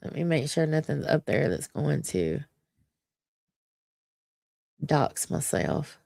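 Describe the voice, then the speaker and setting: A woman's voice: low voice, big pitch swings, takes it slowly, vocal fry, dark tone, dry recording, studio quality. A woman hosting a casual morning livestream, chatting to her viewers in a laid-back way. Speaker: livestream host.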